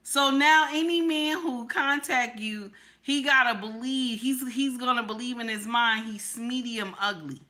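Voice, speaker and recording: A woman's voice: a little high, unhurried, hardly any pauses, pushed and bright. A woman giving blunt, emphatic reaction commentary, often repeating "Okay?" for emphasis.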